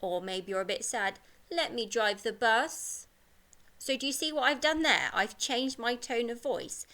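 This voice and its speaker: Encouraging teacher talking to young children. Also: female voice, a little high. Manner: bright, encouraging, speaks clearly to young pupils. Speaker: primary school teacher. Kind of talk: pre-recorded lesson for children.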